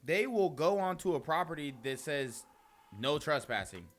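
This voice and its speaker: A man's voice: on the high side, big pitch swings, normal speed, a bit bright, faint music behind. A young man hosting casual reaction commentary, slangy and often laughing. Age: young adult. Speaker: commentary host.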